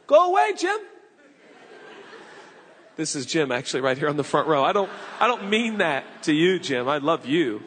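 A man in his forties preaching a sermon, telling a story with stammered restarts and sudden shouted bursts. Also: fairly high pitch, lively intonation, brisk, few pauses, slight background noise. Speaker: pastor. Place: church auditorium with live audience. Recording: long reverb of a large hall.

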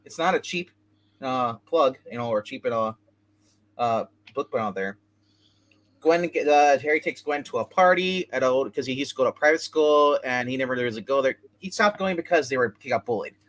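A man's voice: medium pitch, lively intonation, moderate pace, fairly bright tone. A man hosting a casual chat show, rambling through a comic book review with many restarts and asides.

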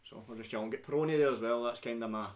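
Rapid-fire and mid-range in pitch, this young Scottish stream host keeps things casual over beers, his chatter full of rowdy swearing and banter.

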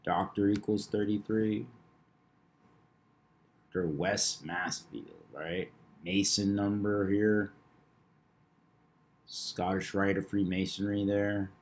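Slow, low-voiced man reciting numbers. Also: fairly even intonation. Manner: reads out numbers in a measured, knowing tone. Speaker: numerology video host. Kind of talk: casual monologue.

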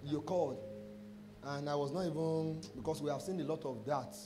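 Over music, a Nigerian pastor with a noticeably high voice delivers a sermon made of testimony stories at a moderate pace. He is an animated storyteller who acts out each exchange in lively quoted dialogue, slipping in pidgin phrases along the way.

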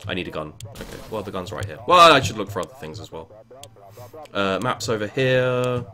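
A man commentating a game as he plays, swearing often and bursting into yells and chanted words. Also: on the low side, animated, a little fast. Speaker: gaming video creator. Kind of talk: let's play commentary.

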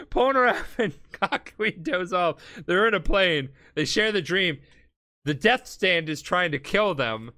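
A drunk man retells a story on a podcast, rambling, swearing and laughing as he goes. His voice is bright and forward, pitched a bit high for a man. His delivery is loose and animated. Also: slow. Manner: rambling, profane, laughing, acts out characters. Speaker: podcast host. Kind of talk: casual comedic retelling.

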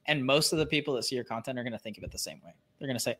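A man with a medium-pitched, fairly bright voice co-hosts a live online lesson, chatting casually. He talks fast and chattily, acting out quoted reactions.

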